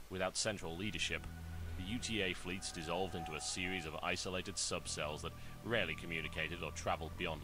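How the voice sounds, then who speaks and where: A man giving a formal, measured scripted narration for a video game intro. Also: sits low. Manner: formal, measured storytelling delivery.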